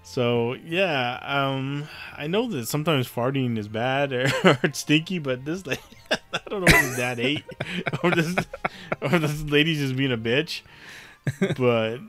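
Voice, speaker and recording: A man co-hosting a casual podcast, reading odd news stories haltingly and laughing at them. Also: medium pitch, a bit bright. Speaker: podcast co-host.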